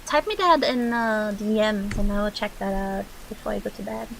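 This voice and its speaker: A woman's voice: mid-range voice, moderate pace, creaky, a bit bright, a little hiss or hum, low-quality recording. A young woman streamer chatting casually with viewers while drawing, swearing freely and reacting to chat.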